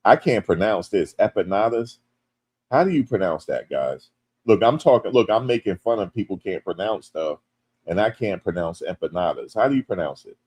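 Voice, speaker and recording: Deep-voiced joking American man streaming. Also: fairly quick, husky. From United States. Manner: animated and joking, rising loud when teased. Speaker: livestream host. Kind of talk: casual livestream chat, reading comments.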